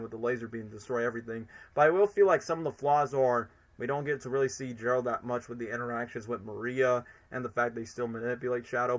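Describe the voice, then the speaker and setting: A man's voice: mid-range voice, fairly bright tone. A young man chatting on a live stream, rambling enthusiastically with lots of fillers. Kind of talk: casual live-stream commentary.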